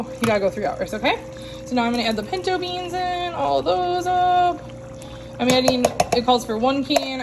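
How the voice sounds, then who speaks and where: A woman's voice: a little high, noisy background. A middle-aged woman chatting casually to viewers while cooking in her home kitchen. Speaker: cooking vlogger.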